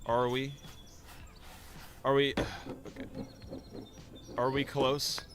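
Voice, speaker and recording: A man's voice: medium pitch, little pitch movement, slow pace, noisy background. A male streamer giving casual live gameplay commentary, muttering to himself in a self-mocking, frustrated way. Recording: game music behind.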